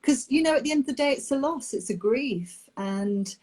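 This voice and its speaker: Young woman on a video call, open and halting, lots of ums and restarts. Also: high-pitched, animated, darkish tone. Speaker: nanny sharing her IVF experience. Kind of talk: candid personal chat.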